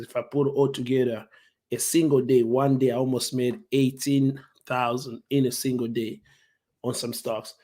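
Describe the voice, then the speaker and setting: A man casually explaining stock investing to viewers on a live stream from home, relaxed and repetitive. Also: mid-range voice. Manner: relaxed, repeats key points, frequent "like" fillers.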